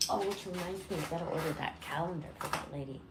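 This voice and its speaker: A woman's voice: fast, background noise. A woman who hosts a pet bird channel, chatting casually at home and cooing at her birds. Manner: chatty, rambling, coos at her birds in a high sing-song voice. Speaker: parrot owner and channel host. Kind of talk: casual home vlog chat.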